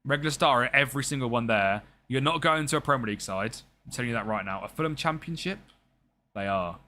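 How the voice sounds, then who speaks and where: Young male streamer, bright forward tone, banters with chat while managing a team live. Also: mid-range voice, fast. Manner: chatty and jokey, talks to chat and game players. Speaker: game streamer. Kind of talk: live-stream game commentary chatting with viewers.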